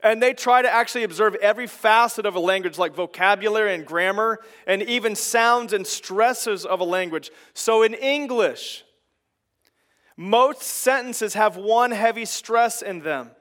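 A man with a fairly high voice, delivering a sermon as pastor. He preaches in a conversational but emphatic way, pressing his points with building intensity. He sounds middle-aged. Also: unhurried, fairly bright tone.

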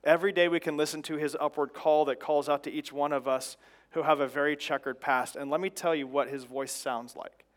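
A man's voice: on the high side, fairly even intonation, fairly quick. A man in his thirties preaching a sermon in an earnest, exhorting way, pressing his points with repeated phrases. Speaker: pastor.

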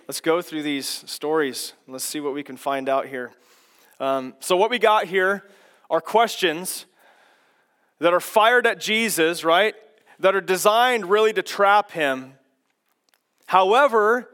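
High-voiced man preaching a lively sermon. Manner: animated teaching with rhetorical questions. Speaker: pastor.

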